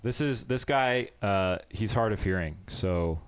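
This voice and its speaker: A man's voice: fairly low pitch, expressive, measured pace, smooth. A man telling a long story in casual chat, acting out the people in it.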